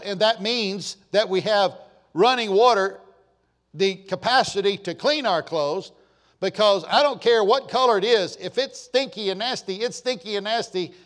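A man preaching a folksy, joking sermon to his church, swinging between loud and quiet. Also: high voice. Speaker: pastor.

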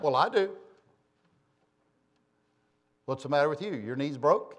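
A man's voice: a little high, animated, normal speed, breathy edge. A man preaching a sermon in a church, folksy and conversational, teasing members of his congregation. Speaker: pastor. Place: church sanctuary.

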